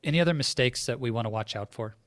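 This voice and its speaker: A man's voice: medium pitch, fast, dry recording. A man hosting a podcast interview, speaking reflectively and conversationally and asking long, framing questions. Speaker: podcast host.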